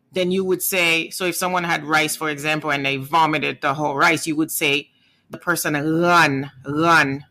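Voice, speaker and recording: Bright-voiced Haitian-accented language teacher. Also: mid-range voice. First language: Haitian Creole. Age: adult parent. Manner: patient, repeats words, checks in with "okay?" and "right?". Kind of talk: casual video lesson.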